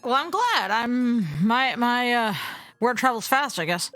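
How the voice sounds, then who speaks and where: High, slow-talking woman cracking wry asides. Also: expressive, a bit bright. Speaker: let's play co-host. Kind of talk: casual reactive commentary.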